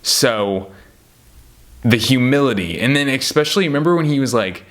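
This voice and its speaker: A man talking casually about basketball at a middle pitch, rambling from one story to the next. He gets animated and worked up, often swinging up high when he gets excited, then dropping low and quiet again. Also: moderate pace. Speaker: podcast host ranking basketball players. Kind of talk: casual chat.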